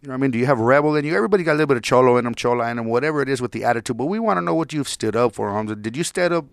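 A man talks in a relaxed, joking way and peppers his speech with slang. His voice has a gravelly edge. The sound is dry and close, with no room echo. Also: medium pitch, racing. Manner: joking, laid-back, full of Chicano slang. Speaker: podcast co-host. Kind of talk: casual chat.

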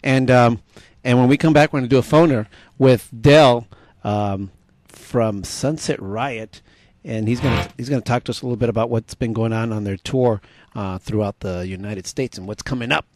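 A man's voice: medium pitch, normal speed, a little mellow, no echo. A man co-hosting a casual radio talk show, laughing often and restarting his sentences.

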